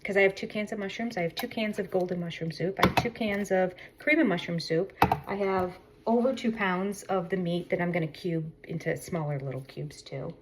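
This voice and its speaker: A woman's voice: on the low side, fairly quick, noisy background. A middle-aged woman chatting casually in a vlog, telling a rambling story and correcting herself as she goes. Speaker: vlogger. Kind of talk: casual chat.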